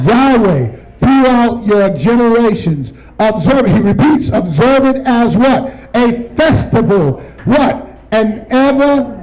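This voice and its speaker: A man teaching from scripture to a group, often pausing to ask them questions and repeating phrases for them to answer. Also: high-pitched, a little mellow, rough recording. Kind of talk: call-and-response Bible teaching.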